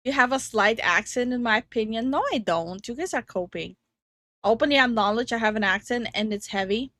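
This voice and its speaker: A woman's voice: fairly high pitch, fairly quick, fairly bright tone, dry recording, studio quality. A young woman chatting casually on a stream, giggly and teasing. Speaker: streamer and co-host.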